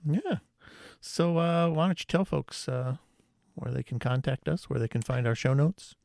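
A man's voice: fairly high pitch, moderate pace, creaky, a little mellow, no room sound, clean studio sound. A man co-hosting a podcast in casual chat, playful and teasing his partner. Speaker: podcast co-host.

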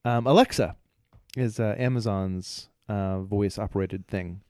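A man co-hosting a casual podcast chat, telling stories with lots of laughter and acted-out yelling. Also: on the low side, unhurried, no echo, studio quality. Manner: animated storyteller, laughs often, acts out yelling at devices. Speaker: podcast co-host.

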